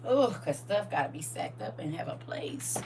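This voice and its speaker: A woman's voice: low voice, expressive, normal speed, noisy background. A middle-aged woman, chatting with listeners while leading a casual online Bible study. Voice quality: raspy. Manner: chatty, laughs often, talks to listeners directly. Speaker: online scripture study host.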